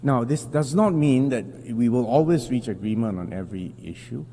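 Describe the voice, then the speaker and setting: A man delivering a formal prepared speech at a podium, deliberate and emphatic with measured pauses. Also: medium pitch, expressive, mellow. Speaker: national representative giving a UN address. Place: large assembly hall. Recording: long hall reverb with faint hum.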